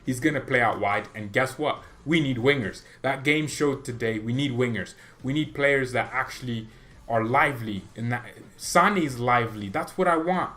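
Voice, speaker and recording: Animated young man giving a football reaction. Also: medium pitch, normal speed. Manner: animated, opinionated, rambling with restarts. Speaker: football fan channel host. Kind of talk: casual match reaction vlog.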